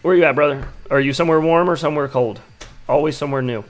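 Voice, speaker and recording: A man hosts a live stream with a hoarse, worn-out voice that is almost gone. He keeps it relaxed and casual, rattling off greetings to viewers in chat one after another. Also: fairly high pitch, quick pace, faint music behind. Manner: laid-back, greets chat viewers by name. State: hoarse, losing his voice.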